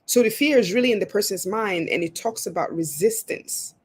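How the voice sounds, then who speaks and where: A woman's voice: mid-range voice, animated, fairly quick, darkish tone, breathy edge. A woman talking as a guest on a video call, stammering and repeating words as she explains her card readings. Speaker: guest, spiritual reader. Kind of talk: casual chat over a video call.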